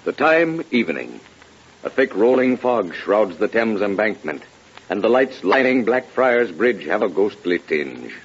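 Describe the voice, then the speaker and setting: A man narrating a vintage radio drama in a measured, ominous storytelling manner. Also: on the low side, sing-song, breathy edge. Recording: lo-fi old radio broadcast.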